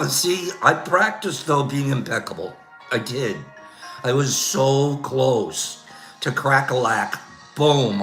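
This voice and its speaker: A man's voice: mid-range voice, sharp tone, echoey room. An older man hosting a casual livestream, telling rambling complaint stories with frequent laughs and a habitual "Okay?". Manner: chatty storyteller, laughs often, says "Okay?". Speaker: livestream host.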